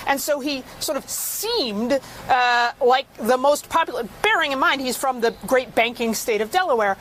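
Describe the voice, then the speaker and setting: A woman's voice: sits high, fairly bright tone, slight background noise. A woman giving political commentary on a TV panel, arguing her point emphatically. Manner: emphatic, argumentative.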